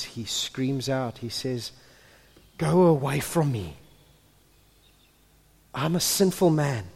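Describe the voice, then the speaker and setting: A man preaching a sermon who builds to impassioned, near-shouted peaks and then drops to hushed tones. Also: medium pitch. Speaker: pastor. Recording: long hall reverb.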